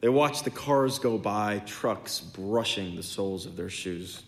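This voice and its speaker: Man giving an expressive literary reading. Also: fairly low pitch, a little slow. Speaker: story reader.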